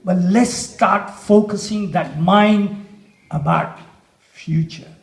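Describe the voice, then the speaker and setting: A man giving a motivational talk at a festival, posing slow, deliberate rhetorical questions to the audience. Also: sits high, vocal fry. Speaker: motivational speaker. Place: music festival stage. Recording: echoey live stage sound.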